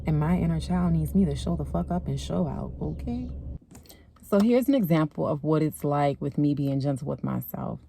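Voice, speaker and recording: A woman's voice: low-pitched, lively intonation, normal speed, creaky, warm tone, a little hiss or hum. A young adult woman, a spiritual well-being guide, speaking in a candid, emphatic, casual motivational talk with slang and swearing.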